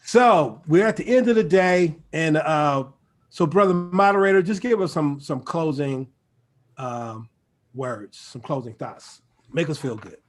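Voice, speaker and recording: A man co-hosting a church talk program, chatting in a relaxed, casual way and leaning on fillers like "man" and "you know". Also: a little high, a little slow. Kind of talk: casual chat.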